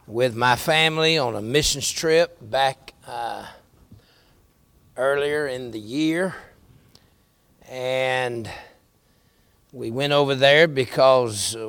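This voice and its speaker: Man, Southern American accent, pastor, sermon, folksy storytelling, slow delivery. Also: medium pitch, a bit bright, no room sound. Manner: folksy storytelling with rising preacher emphasis.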